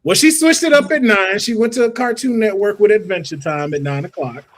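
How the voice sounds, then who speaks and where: A man's voice: high voice, a little fast. Upbeat man hosting a panel chat. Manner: lively, introduces guests' picks. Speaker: podcast host.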